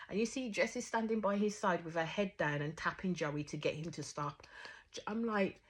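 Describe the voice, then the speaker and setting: Woman reviewer, husky, low-pitched, outspoken chat. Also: moderate pace. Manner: outspoken, swears freely, animated retelling. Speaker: reality show reviewer. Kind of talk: casual reaction commentary.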